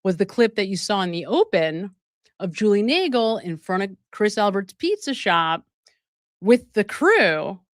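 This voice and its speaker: With a clear, resonant, medium-pitched voice, this woman runs a live true crime commentary stream, animated and emphatic, frequently breaking into laughter mid-sentence as she talks straight to her audience. It's studio-quality audio with no room sound.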